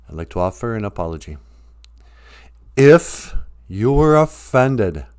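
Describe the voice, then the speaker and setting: A man hosting a livestreamed podcast, chatting in a teasing, mock-serious way. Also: mid-range voice. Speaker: podcast host. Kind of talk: joking livestream chat. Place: home livestream.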